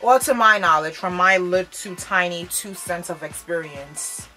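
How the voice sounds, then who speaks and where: A young adult woman hosting a casual makeup first-impression vlog, bubbly and expressive, full of slang. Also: fairly low pitch, unhurried, faint music behind. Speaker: beauty vlogger. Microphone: camera framed close.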